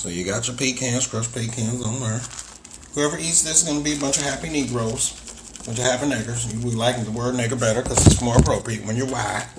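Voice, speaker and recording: A man, hosting a casual comedic home baking vlog and jumping between low mutters and loud high exclamations. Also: very noisy. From New York. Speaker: home baker vlogger. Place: home kitchen.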